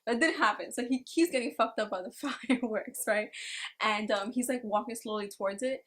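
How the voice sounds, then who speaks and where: A woman's voice: on the high side, fairly quick. A woman casually recapping an anime episode, swearing freely and acting out the lines as she tells it. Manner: profane, animated storytelling with acted quotes. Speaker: anime reviewer.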